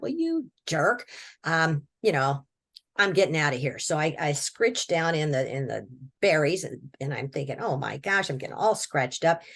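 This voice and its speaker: Plainspoken woman with a lowish voice. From Washington state, USA. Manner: folksy and plainspoken, with frequent repeated words and short laughs. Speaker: interview guest. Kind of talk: personal storytelling, recounting a near-death experience.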